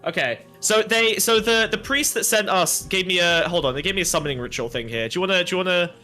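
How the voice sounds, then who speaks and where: Man, high voice, bright tone, excitable, protests loudly, playful role-play banter, faint music behind. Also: quick pace. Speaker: streamer playing a paladin.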